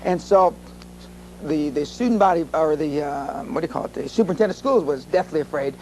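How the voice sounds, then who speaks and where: A man's voice: a little high, brisk, a little mellow, slight background noise, poor audio. Blunt, profane older man speaking at a seminar. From USA. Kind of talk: live seminar talk.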